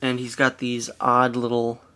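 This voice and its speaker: Guy chatting thru a toy review, mid pitch, lots of uhs and "pretty sure". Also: measured pace. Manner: hedging, relaxed, with frequent fillers. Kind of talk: casual product review.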